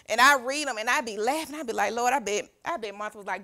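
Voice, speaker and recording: Bright-voiced woman preaching a sermon. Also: fairly high pitch, fast, hardly any pauses. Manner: animated preaching with call-and-response. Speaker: youth pastor. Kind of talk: sermon reading scripture aloud. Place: church sanctuary.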